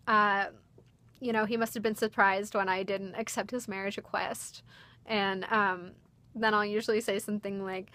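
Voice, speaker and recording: A woman's voice: mid-range voice, steady tone, normal speed. A young woman who performs as a party princess, talking casually in a vlog, chatty, with frequent light laughs.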